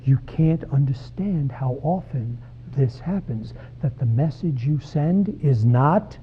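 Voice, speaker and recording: A man's voice: mid-range voice, expressive, takes it slowly, slight background noise. A man in his sixties, a psychologist giving a direct, conversational talk to parents and putting questions to the audience. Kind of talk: lecture to parents. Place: church hall. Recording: tinny phone-like sound.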